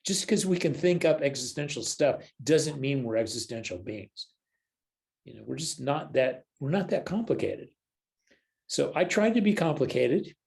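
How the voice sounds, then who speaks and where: His mid-range voice is creaky and set at a normal speed, recorded in low quality. He's an older American counselor and spiritual leader, casually telling stories on a podcast and acting out the voices he quotes with animation.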